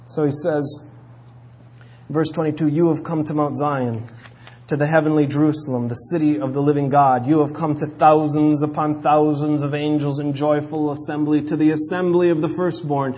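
A man preaching a sermon in an emphatic way, pressing key words hard and dropping low at the ends of phrases. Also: fairly even intonation, normal speed, highs cut off. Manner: emphatic, swings between loud stresses and low endings.

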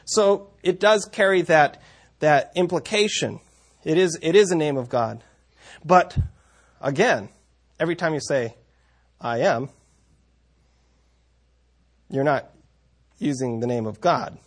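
A man's voice: on the high side, animated, slow pace, pauses often. A man teaching a Bible passage in a conversational way, reading verses aloud and stopping often to correct himself. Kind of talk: scripture teaching talk.

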